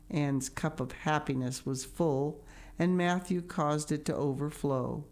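A woman with a notably low voice reads a classic novel aloud. Her narration is calm and unhurried, a plain storybook delivery. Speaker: audiobook narrator.

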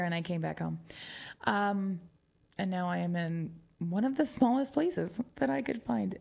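A woman's voice: medium pitch, lively intonation, measured pace, creaky, darkish tone. A woman from New Mexico with a Southwestern twang, chatting casually as a radio DJ between songs, wry and laughing often.

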